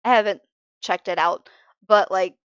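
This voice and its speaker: Drawing during a live stream, this woman talks casually, worn out from little sleep, wandering off topic, cutting herself off, and admitting openly that she's emotional. Her medium-pitched voice is clear, resonant and fairly bright, with fairly even intonation and a moderate pace. The sound is dry and lo-fi.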